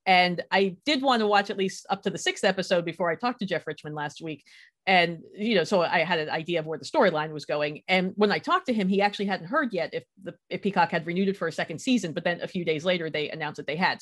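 A woman's voice: on the low side, animated, quick pace, fairly bright tone. Chatty enthusiastic woman host. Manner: enthusiastic, chatty, frequent laughs. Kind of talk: casual chat.

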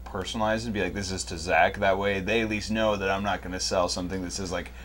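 A man's voice: sits low, fast talker, slight background noise. A young man chatting casually as a guest, telling a story with lots of fillers. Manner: relaxed, filler-heavy storytelling. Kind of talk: casual chat.

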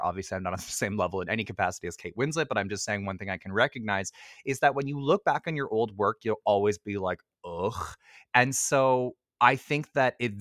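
A man's voice: lowish voice, fairly bright tone, no room sound. Young man, rambling podcast chatter, dry sound. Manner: rambling, laughs often, lots of fillers and self-corrections. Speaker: podcast host. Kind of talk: casual chat.

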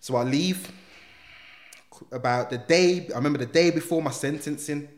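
A man's voice: a little high, moderate pace. A young man telling a story in casual chat. He acts out the other people's voices and uses slang. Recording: echoey room.

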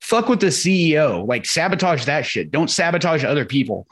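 A man's voice: a little high, sing-song, brisk, fairly bright tone. A man co-hosting a podcast in casual chat, laid-back with a wry, profane way of talking. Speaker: podcast co-host.

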